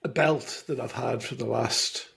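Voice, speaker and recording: A man's voice: mid-range voice, a little slow, vocal fry, a bit bright. A man co-hosting a podcast in casual chat, teasing with dry jokes. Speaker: podcast co-host.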